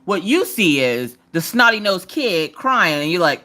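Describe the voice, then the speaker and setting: A woman's voice: mid-range voice, very animated, normal speed, hardly any pauses, a bit bright. A woman in her thirties hosting a casual live stream, telling stories while she crafts and acting out quotes in different voices. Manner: chatty storytelling, acts out quotes in character voices; talks while working on a craft project.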